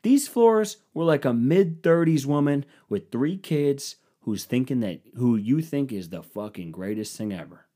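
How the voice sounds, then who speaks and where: A man telling a crude, animated comic story about laying a floor, acting out his friends' lines in low mumbles. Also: unhurried, few pauses. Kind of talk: profane comedic storytelling.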